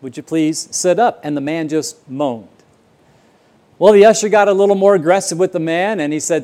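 Male pastor, slightly higher voice, earnest storyteller, sermon delivery. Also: normal speed, a little mellow. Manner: earnest storytelling, repeats words when starting a sentence. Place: church auditorium.

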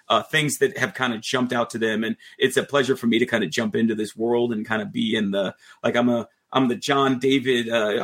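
A man hosting a podcast in casual chat, relaxed and rambling with light jokes. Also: mid-range voice. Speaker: podcast host.

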